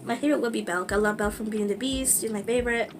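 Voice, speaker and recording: A woman vlogging casually, gushing and excitable, with lots of fillers. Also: on the high side, very fast, a little hiss or hum. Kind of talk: casual book vlog.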